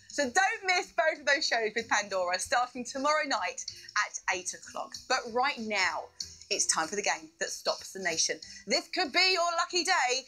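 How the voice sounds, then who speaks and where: A woman hosts a live quiz show in a bubbly, playful way. Her voice is high and bright, and it swoops up and down all the time. Faint music plays behind her. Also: lively intonation, normal speed, rough recording.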